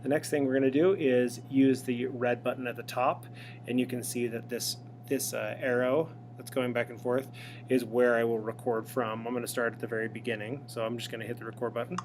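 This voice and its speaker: A man's voice: medium pitch, fairly quick. A man talks through a tablet app one step at a time, easygoing and full of little fillers. He speaks into an iPad's own microphone, with a faint hum underneath. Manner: relaxed, step-by-step explaining with fillers. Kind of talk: screen-recorded software tutorial. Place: indoors in front of a tablet. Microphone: iPad microphone.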